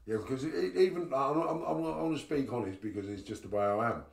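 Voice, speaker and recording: A man's voice: mid-range voice, animated, fast talker, gravelly, echoey room, distant mic. A man hosting a podcast, asking blunt, chatty questions in a casual interview. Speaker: podcast host.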